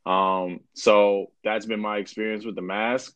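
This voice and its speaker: A young man co-hosting a casual podcast, talking in a relaxed, rambling way with lots of fillers. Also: on the low side, unhurried, smooth, lo-fi sound. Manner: laid-back, rambling with many fillers. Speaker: podcast co-host.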